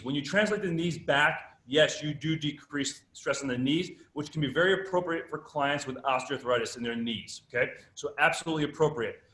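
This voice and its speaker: A man's voice: medium pitch, a bit bright. A man giving a live fitness workshop lecture, speaking emphatically and putting rhetorical questions to his audience. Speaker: presenter at a fitness summit. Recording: echoey room.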